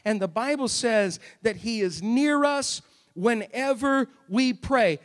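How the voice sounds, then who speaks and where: A pastor with a strikingly high voice delivers a sermon in a church sanctuary. He talks to the congregation conversationally, tosses out rhetorical questions and drives his points home with loud, emphatic bursts. His voice rings out with a long reverb around the hall. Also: expressive, moderate pace.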